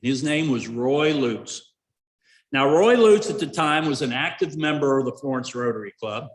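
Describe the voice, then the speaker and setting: A man's voice: medium pitch, expressive, moderate pace. Folksy man in an echoey hall. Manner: folksy storyteller, many fillers and restarts. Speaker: Rotary club member giving award introduction. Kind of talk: after-dinner speech with a joke. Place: event hall.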